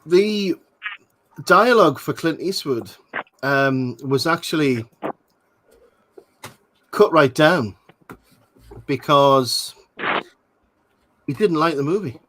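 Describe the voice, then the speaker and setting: A man's voice: on the high side, animated, slow, long pauses, a bit bright, slight background noise, low-quality recording. Chatty man sharing film trivia. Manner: chatty, trivia-filled, frequent ums and laughs. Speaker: host of a movie watch-along. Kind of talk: casual film commentary chat.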